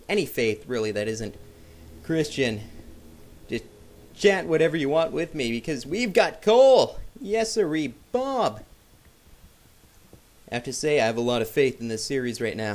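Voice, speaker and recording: A man casually commenting on his game as he plays, joking with viewers and yelping when startled. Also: on the high side. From Canada. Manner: excitable, jokey, yelps at sudden scares. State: sick. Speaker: gameplay commentator.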